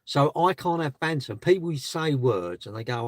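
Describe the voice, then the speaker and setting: A man's voice: fairly high pitch, lively intonation, moderate pace. A man chatting on a live stream from his parked car, rambling and asking rhetorical questions. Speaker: livestreamer. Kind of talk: casual live stream chat.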